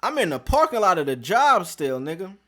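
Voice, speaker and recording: A man's voice: high voice, sing-song, a little fast, pushed and bright. A man hosting a podcast, telling a story in casual street slang with plenty of profanity. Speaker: podcast host.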